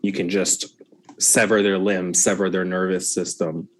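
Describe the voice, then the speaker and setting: A man who is the game master of a tabletop game, describing scenes in a slow, measured way. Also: low-pitched, level tone.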